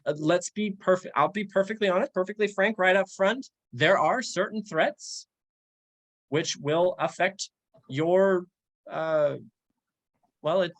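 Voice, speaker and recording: A player at a tabletop game, talking casually and speaking in character in a wordy, self-correcting way. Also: medium pitch.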